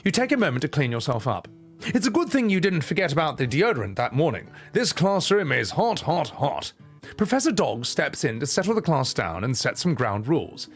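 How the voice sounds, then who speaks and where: Animated man narrating a game. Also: on the high side, brisk, faint music behind. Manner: playful, wry narration with asides. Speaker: gaming streamer. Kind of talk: reading aloud a visual novel.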